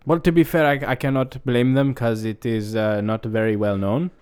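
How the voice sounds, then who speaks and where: A man voicing a goofy male caller with a mock Swedish accent, deadpan and insistent in a comedic phone bit. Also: mid-range voice, moderate pace, clean tone, close to an everyday voice.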